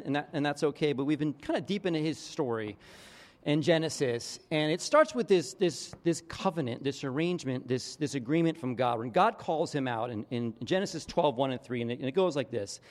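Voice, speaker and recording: Middle-aged man, pastor, conversational sermon, slightly high voice, long hall reverb. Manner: animated storytelling with quoted voices.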